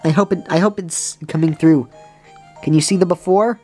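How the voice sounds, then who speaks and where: A woman's voice: on the low side, moderate pace, mellow, slightly rough, faint music behind. A woman hosting a let's play, talking in casual, rambling gameplay commentary with many restarts and fillers.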